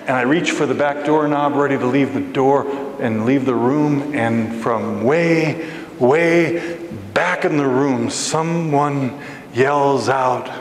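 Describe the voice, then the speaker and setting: A man giving a storytelling sermon as a guest preacher, animated and acting out voices in his story, recorded in a church sanctuary. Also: mid-range voice, slow, a little hiss or hum. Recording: echoey church hall with faint ambience.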